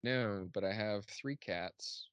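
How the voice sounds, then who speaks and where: Young man, very low voice, laid-back rambling chat, lots of fillers, dry close mic. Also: slow, a bit bright, clean tone, dry recording. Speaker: podcast guest, film podcaster. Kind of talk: casual chat.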